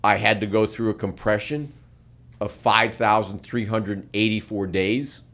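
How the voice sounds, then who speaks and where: Low-voiced older man, emphatic podcast host. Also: fairly even intonation, a little slow, a bit bright. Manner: emphatic, punctuates points with "okay?". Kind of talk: casual podcast conversation.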